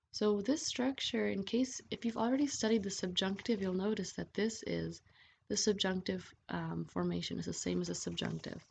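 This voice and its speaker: Gravelly low woman teaching grammar. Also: darkish tone. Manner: patient, checks in with frequent "okay?". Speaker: Italian language teacher. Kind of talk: explaining grammar over slides. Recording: dull lo-fi voice-over with faint hiss.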